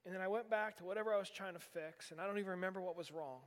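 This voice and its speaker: In a church sanctuary with long hall reverb, a pastor of roughly forty preaches very fast in a high voice. His sermon includes a candid personal story told with self-deprecating humor.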